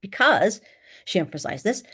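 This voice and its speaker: A woman's voice: lowish voice, animated, a little mellow, natural voice. A woman voicing a sarcastic teenage college girl. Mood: eager. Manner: teasing, quick and emphatic. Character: sarcastic chatty 19-year-old American college girl. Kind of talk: audiobook character voice.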